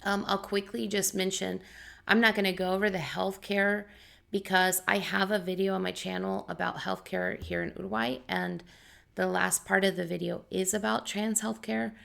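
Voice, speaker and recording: Scratchy, gravelly-voiced woman vlogger. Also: mid-range voice, little pitch movement, normal speed, fairly bright tone. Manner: chatty, full of disclaimers and fillers. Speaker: vlog host and English teacher. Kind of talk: casual explanatory vlog talk.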